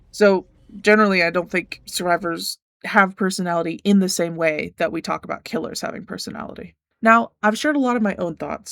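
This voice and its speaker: A gaming YouTuber works through a scripted video essay in a calm, measured and earnest way. The pitch sits in a middle range, and the voice sounds dry and close, with no room sound around it. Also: gravelly, no echo.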